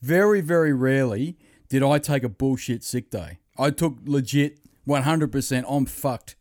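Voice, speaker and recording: A man hosting a podcast, telling a rambling, profane story in casual chat, a little hoarse. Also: medium pitch, moderate pace, darkish tone, no room sound, clean studio sound. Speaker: podcast host.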